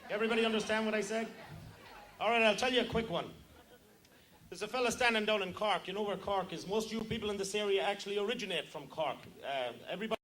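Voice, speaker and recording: A man's voice: high voice, quick pace, a bit bright. A man with an Irish accent telling jokes at a luncheon in a teasing, chatty, self-mocking way. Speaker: joke teller at a luncheon. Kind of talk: stand-up joke telling. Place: luncheon room. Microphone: handheld microphone.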